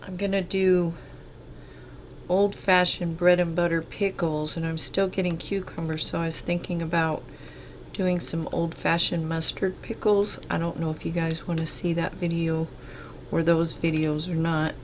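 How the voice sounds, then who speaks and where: A woman talking through home canning in her kitchen, stuffed up and congested, rambling in a relaxed, unhurried way. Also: fairly low pitch, slight background noise. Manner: slow, unhurried, rambling explanations. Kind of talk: casual kitchen how-to chat. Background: kitchen clatter of pots and utensils.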